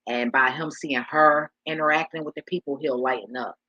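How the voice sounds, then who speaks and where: Woman vlogger, rambling and profane, bright husky voice, dry close sound. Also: deep voice, steady tone, moderate pace, dry recording, lo-fi sound. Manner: loose and profane, rambling with many restarts; talks straight to her viewers as y'all. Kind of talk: casual rambling monologue to viewers.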